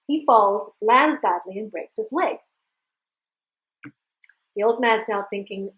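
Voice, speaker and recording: A woman life coach telling a fable to camera in an animated, casual storytelling manner, acting out the characters. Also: mid-range voice, slow pace, pauses often, rough recording.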